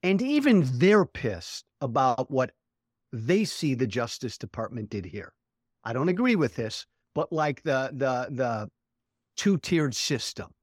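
Man, mid-pitched voice, blunt, swears freely, laughs a lot, dry sound. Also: very animated, measured pace, dry recording. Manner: blunt, profane, laughs often. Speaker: political commentator guest. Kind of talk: casual political chat.

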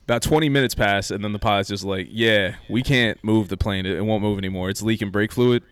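A man in casual podcast chat, telling an animated story and acting out what people said. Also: on the low side, fast talker, smooth, no echo. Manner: animated storyteller, acts out quoted lines.

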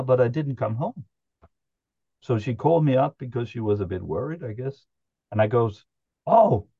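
Man recounting an anecdote, mellow low timbre, dry dull-sounding recording, halting delivery. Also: dry recording. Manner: halting, chuckling anecdote telling with many restarts. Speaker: podcast guest. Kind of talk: casual storytelling.

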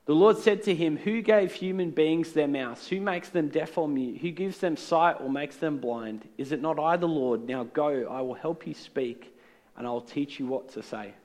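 A man's voice: fairly high pitch, normal speed, a little mellow. A man preaching a sermon in an earnest, conversational way with touches of humor. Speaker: pastor. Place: church.

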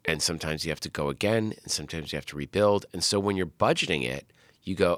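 A middle-aged man, a film director, telling animated stories in a casual interview, swearing often and acting out what people said. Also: deep voice, fast, no room sound. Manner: animated storyteller, swears often, acts out quotes.

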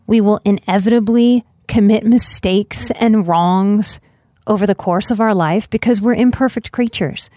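A woman hosting her own podcast as a life coach and psychotherapist, talking through an idea in a measured way and slowing down to stress key phrases. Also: medium pitch, dark tone, dry recording, studio quality. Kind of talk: solo podcast talk.

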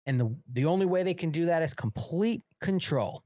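A man's voice: fairly high pitch, lively intonation, moderate pace, dark tone, dry recording, clean studio sound. A man hosting a live political talk show, delivering emphatic, repetitive commentary laced with swearing.

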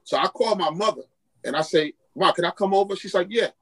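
A man's voice: sits high, fairly quick, breathy edge, low-quality recording. A man, a pastor and podcast guest, telling a personal testimony and acting out the voices of the people in his story. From Queens, New York. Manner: animated storyteller acting out quoted dialogue.

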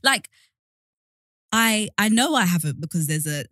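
Giggly woman podcast co-host, bright tone. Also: medium pitch, expressive, no room sound, clean studio sound. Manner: chatty, giggly, quick storytelling. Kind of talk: casual chat.

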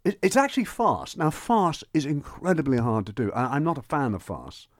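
Brief: male radio film reviewer, lively sing-song delivery, close dry studio sound. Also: on the high side, moderate pace, no room sound. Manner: enthusiastic, animated, with frequent restarts. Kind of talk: radio chat.

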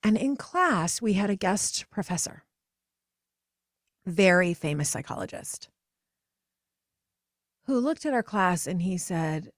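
A pregnant woman in her forties hosting a podcast, telling a personal story in an earnest, emotional way, her voice climbing higher when she gets passionate. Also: expressive, takes it slowly, pauses often, no room sound, studio quality. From United States. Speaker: podcast host.

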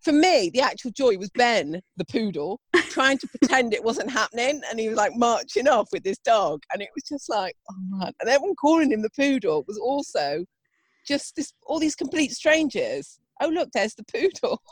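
British female podcast co-host; teasing, sweary, lively, dry close sound. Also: fairly high pitch, normal speed, slightly rough, no room sound. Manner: teasing, sweary, animated storyteller. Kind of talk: casual chat.

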